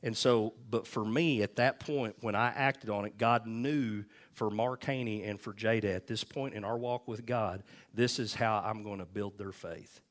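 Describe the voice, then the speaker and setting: A man delivers a sermon, his fairly low voice carrying an easy, conversational preaching style. He tells stories and keeps checking in with the congregation with "amen?" and "okay?". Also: steady tone, moderate pace, hardly any pauses. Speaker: pastor.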